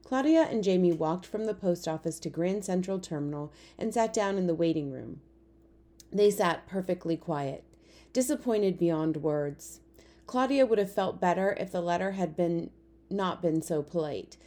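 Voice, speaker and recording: A woman narrating a children's novel in a calm, even storytelling manner. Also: lowish voice, normal speed. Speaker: audiobook narrator. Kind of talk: scripted narration.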